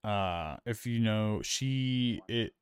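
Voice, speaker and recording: A man's voice: on the low side, extremely slow, smooth, no room sound, studio quality. A man co-hosting a casual film review chat, rambling with many fillers and restarts. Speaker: podcast co-host.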